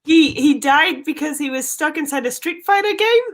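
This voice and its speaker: A woman tosses out quizzical guesses in an improv game. Her voice is high and swings all over the place. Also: expressive, moderate pace. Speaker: improv performer.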